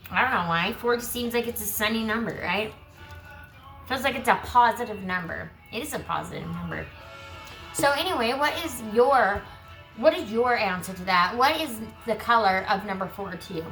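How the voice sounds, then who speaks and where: A woman giving a collective tarot reading who reads card texts aloud and breaks into chatty asides. She is losing her voice and keeps clearing her throat. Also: fairly high pitch, expressive, moderate pace, fairly bright tone, soft background music, rough recording. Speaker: tarot reader.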